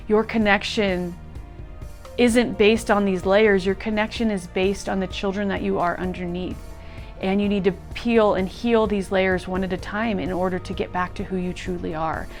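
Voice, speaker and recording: Woman guest, heartfelt storytelling, voice moved and sincere. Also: mid-range voice. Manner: emotional, earnest, laughs through tears. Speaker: guest sharing a retreat testimonial. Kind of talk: personal storytelling.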